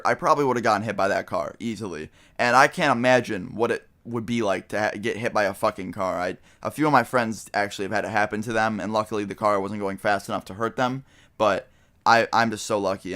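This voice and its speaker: A young male vlogger with a fairly low, fairly bright voice tells his viewers a personal story. He's casual and rambling, using lots of fillers and the occasional swear word.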